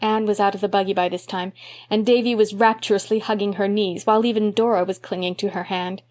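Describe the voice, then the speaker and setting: A woman narrates a classic novel as an audiobook narrator, her mid-range voice delivering measured, expressive storytelling.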